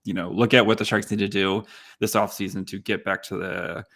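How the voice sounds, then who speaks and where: A man's voice: fairly low pitch, flat delivery, a little fast, a bit bright. A man co-hosting a casual live podcast, recapping in a rambling way with lots of fillers. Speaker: podcast co-host.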